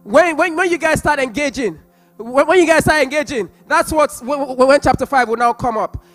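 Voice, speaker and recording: Very high-voiced impassioned male preacher. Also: brisk, soft background music. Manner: impassioned, repeats phrases, bursts into loud tongues and sung prayer. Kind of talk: sermon with prayer.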